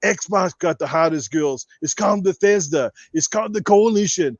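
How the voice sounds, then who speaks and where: A man's voice: high-pitched, moderate pace, no room sound, dull audio. A man doing a brash bodybuilder impression. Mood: boastful. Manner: brash, boastful, rambling, trash-talking. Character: boastful muscle-bound Austrian bodybuilder, adult man. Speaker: podcast guest doing an impression. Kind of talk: comedic impression in podcast chat.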